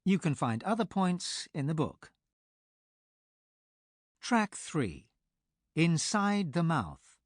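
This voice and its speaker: A man reading a scripted language lesson for an audiobook, speaking clearly and explaining step by step. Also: fairly high pitch, no echo, studio quality. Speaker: language tutor.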